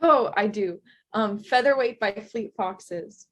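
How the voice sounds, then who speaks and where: A woman's voice: medium pitch, slow, fairly bright tone. A young woman guesting on a casual podcast chat, giggling and amused as she talks.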